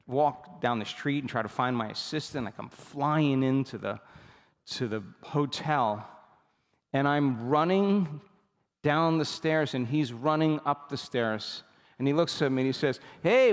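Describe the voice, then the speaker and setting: A man giving a motivational seminar talk, telling stories with animated energy and often checking that the audience is with him. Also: medium pitch, long reverb tail. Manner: animated storytelling, repeatedly asks the audience for agreement. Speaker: seminar speaker.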